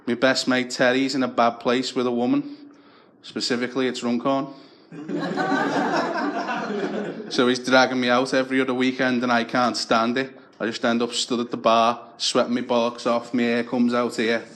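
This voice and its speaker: A man's voice: mid-range voice, animated, moderate pace, a bit bright. A young man doing stand-up comedy, telling crude stories in a dry, anecdotal way.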